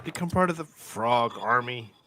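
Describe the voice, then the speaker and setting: A man streaming and chatting casually, bantering loudly to promote his channel. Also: medium pitch, animated, moderate pace, background noise.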